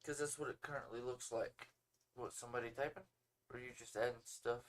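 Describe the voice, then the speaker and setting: A man's voice: medium pitch, fairly even intonation, fairly quick, a bit bright, a little hiss or hum. Laid-back casual man, stream co-host. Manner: laid-back, shrugging, repeats "it is what it is". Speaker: podcast co-host. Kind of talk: casual livestream chat. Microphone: phone or home streaming setup.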